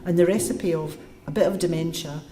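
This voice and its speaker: This deep-voiced woman speaks briskly while giving a public lecture to a live audience and responding to questions. She tells stories in a lively way and explains step by step, and the recording is echoey.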